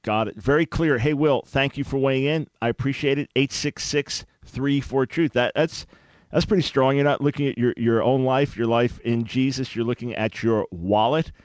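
A man's voice: mid-range voice, normal speed, no echo. A man hosting a call-in radio show, speaking in an earnest, emphatic way. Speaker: radio talk show host. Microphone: studio microphone.

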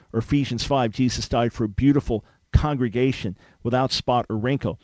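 A male talk radio host delivers an emphatic, preacherly teaching and builds to rhetorical questions. His voice sits at an ordinary middle pitch. The sound is dry and close with no room echo. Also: fairly quick, hardly any pauses, darkish tone. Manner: emphatic, preacherly, quotes scripture.

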